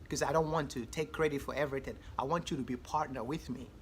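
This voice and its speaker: A man voicing God as a gentle, fatherly male creator in a calm, reassuring way. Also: mid-range voice, fast, close to an everyday voice. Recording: loud background noise.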